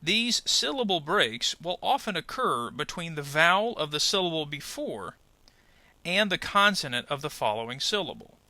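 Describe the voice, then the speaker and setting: Lively, bright-voiced male pronunciation teacher. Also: fairly high pitch, no room sound. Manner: clear, deliberate, over-articulates example words. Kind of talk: scripted lesson voice-over.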